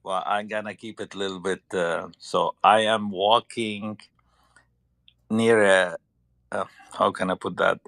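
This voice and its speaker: Man, Lebanese accent, low gravelly voice, hesitant casual storytelling, dry close sound. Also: fairly even intonation, a little slow, fairly bright tone, dry recording. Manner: hesitant, searching for words.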